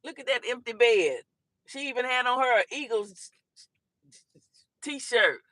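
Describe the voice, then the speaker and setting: A woman hosts a casual livestream talk show, answering her chat in a teasing, animated way. Her voice is bright and forceful. The sound is close and dry, with no room around it. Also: a little high, measured pace, no room sound. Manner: teasing, animated, laughs often.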